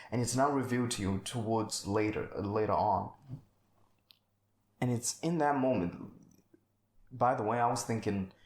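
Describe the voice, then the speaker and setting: Casting: man co-host, loose rambling movie chat, mid-pitched, recorded in an echoey room. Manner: rambling, exclamatory, swears casually. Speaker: podcast co-host. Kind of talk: casual film discussion. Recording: roomy echo.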